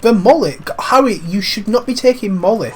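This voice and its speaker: A man's voice: high-pitched, animated, brisk, darkish tone, soft background music. A man with a cold, giving cheeky, rambling let's-play commentary over a video game. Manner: cheeky, rambling, swears lightly. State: has a cold. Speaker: gaming commentator.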